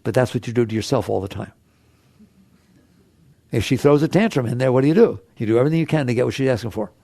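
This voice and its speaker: A man's voice: mid-range voice, gravelly, dark tone, dry recording. A man giving a conversational spiritual talk to an audience, asking rhetorical questions and acting out people's inner voices. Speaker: spiritual teacher.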